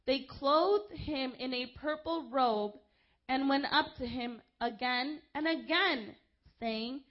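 High-voiced woman preaching a lively sermon. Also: takes it slowly, lo-fi sound. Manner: impassioned, rising to shouts when quoting crowds; casual asides to the congregation.

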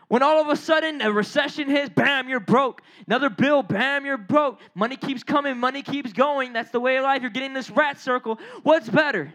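High-voiced young man preaching with fire. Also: normal speed, hardly any pauses. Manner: animated, street-casual preaching with slang. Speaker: youth preacher. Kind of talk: sermon. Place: church or youth gathering.

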